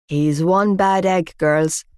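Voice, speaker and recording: A woman's voice: fairly low pitch, fairly even intonation, takes it slowly, a little mellow, clean tone, no echo, studio quality. A woman narrator voicing an easygoing, gossipy teenage schoolboy in an offhand, chuckling way. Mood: chatty.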